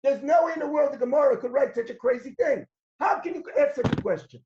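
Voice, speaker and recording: A man preaches as a rabbi and tells his stories with animation. He acts out the characters' voices and shouts at the peaks. The sound is roomy and dull, like a lo-fi hall recording. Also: very high voice, fast. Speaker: rabbi giving a talk. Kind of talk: sermon with stories.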